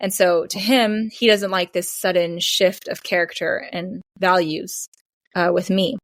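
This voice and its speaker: A young woman guest on a podcast, telling a personal story in a lively, chatty way, saying "like" often and acting out what people said. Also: lowish voice, unhurried, dry recording, clean studio sound. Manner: animated retelling, acts out both sides of conversations, frequent "like". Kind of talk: casual storytelling interview.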